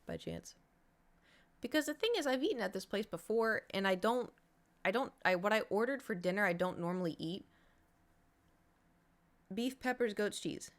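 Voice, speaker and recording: Woman, streamer, casual storytelling to chat, animated, acts out her own reactions. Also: medium pitch, moderate pace, long pauses.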